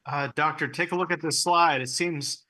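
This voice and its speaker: Playful man improviser, bright voice. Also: a little high, fairly even intonation, normal speed. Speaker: improv performer. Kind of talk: improvised comedy scene.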